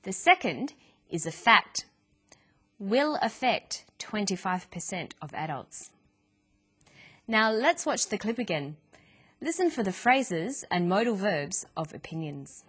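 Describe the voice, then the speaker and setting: Clear, measured woman teaching English. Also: mid-range voice, sing-song, fairly bright tone. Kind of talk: scripted lesson narration.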